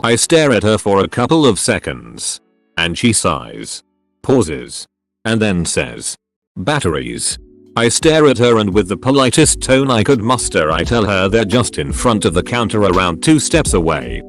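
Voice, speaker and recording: A man's voice: on the low side, sing-song, moderate pace, no room sound, soft background music. A man narrating online forum posts, reading every typo and edit note just as written.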